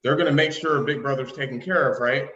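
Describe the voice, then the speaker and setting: A man co-hosting a casual political chat, telling joking, sarcastic stories in an animated way. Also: medium pitch, fast, slight background noise. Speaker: podcast co-host. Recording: echoey room, dull lo-fi sound.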